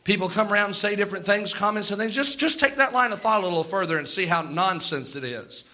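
A man delivers a sermon with a high, piercing, very bright voice. He preaches emphatically, slowing down to stress key lines and acting out the voices he quotes. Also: animated.

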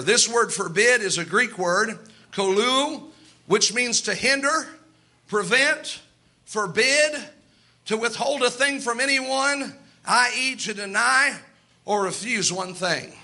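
A man preaching a fervent sermon, impassioned and emphatic, now and then bursting into shouts. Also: very high-pitched, slow.

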